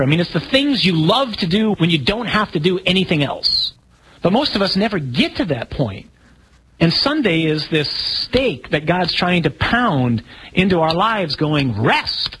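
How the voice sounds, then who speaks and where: A man, a priest, teaching a live audience in a relaxed, humorous way, asking questions and telling stories. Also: high-pitched, slight background noise, poor audio. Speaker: Catholic priest.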